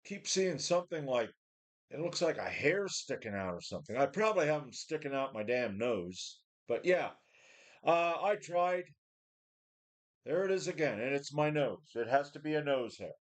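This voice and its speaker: A man's voice: fairly high pitch, very animated, normal speed. Man in his forties, weary, cursing, unscripted webcam vlog from a home gym. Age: 40s. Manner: blunt, profane, weary, full of sighs and restarts. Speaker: vlogger. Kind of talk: casual rambling talk to a webcam.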